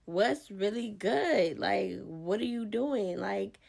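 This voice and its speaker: Exasperated male leader, whiny and slangy, played by a woman, raised pitch. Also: lively intonation, slow, creaky, darkish tone, heavily acted. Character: Joshua, an exasperated male leader complaining to God.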